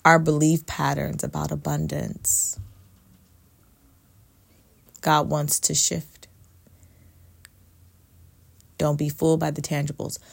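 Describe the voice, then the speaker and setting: Low slow woman, husky and gravelly, spiritual coach talking soft and dropping into whispers, dry close sound. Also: monotone, dry recording. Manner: soft, meditative, drops to whispers for emphasis. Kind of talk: slow reflective faith talk to camera.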